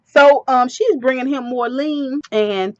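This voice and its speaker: A woman's voice: high voice, slow pace, no room sound, lo-fi sound. Chatty woman recapping a show. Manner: animated storytelling with asides. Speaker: TV episode recapper. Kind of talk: casual TV recap.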